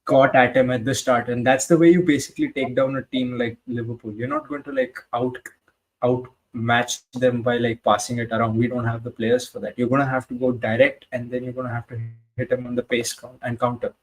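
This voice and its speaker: A man co-hosting a casual football match-reaction chat, blunt and sweary and animated. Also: medium pitch, a little fast, poor audio. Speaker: football podcast co-host.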